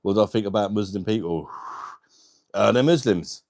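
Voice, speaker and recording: A man's voice: on the low side, normal speed, a little mellow, dry recording, studio quality. A young man hosting a casual live stream on a wireless mic, chatty and laughing often as he greets viewers by name. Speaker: livestream host.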